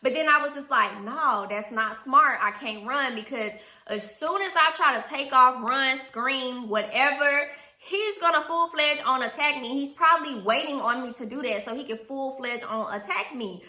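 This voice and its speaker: A young adult woman telling a story to her viewers in an animated, profane way, often turning to the audience. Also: high voice, normal speed, roomy sound. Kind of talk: casual storytime.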